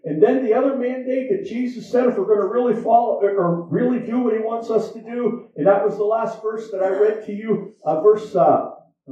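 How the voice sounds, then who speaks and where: A man preaching a sermon as pastor, in a conversational style that repeats its points. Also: sits high. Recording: echoey, dull sound from far off.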